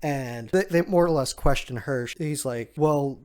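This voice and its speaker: A man's voice: medium pitch, moderate pace, darkish tone, clean tone. A man giving a casual, chatty recap of a comic chapter, with frequent fillers and restarts and an amused tone. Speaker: manga chapter reviewer.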